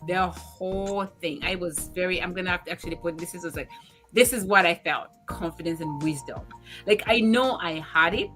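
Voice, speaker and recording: Animated woman in her forties telling stories. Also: lowish voice. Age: 40s. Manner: animated storyteller who acts out quoted dialogue. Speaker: talk show host. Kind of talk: casual chat.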